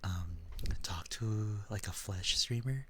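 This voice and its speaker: A young man from the Philippines chatting with his chat in a soft, whispered role-play style, giggling often. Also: on the low side, slow, a little hiss or hum. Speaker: streamer.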